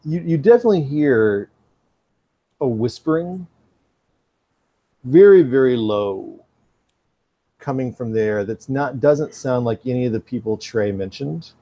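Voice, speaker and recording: A man's voice: medium pitch, animated, measured pace, pauses often, dark tone. A man narrating as game master in a tabletop role-playing game, dry and teasing.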